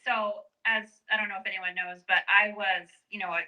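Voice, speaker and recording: A woman's voice: mid-range voice, level tone, a little fast, highs cut off. A woman in a casual discussion, earnestly explaining why her views changed. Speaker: guest speaker in a discussion. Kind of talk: casual chat.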